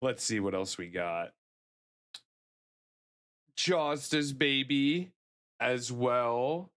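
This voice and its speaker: A man's voice: mid-range voice, expressive, extremely slow, a bit bright. A man streaming live, chatting casually with his chat and cooing playfully over pet pictures in baby talk.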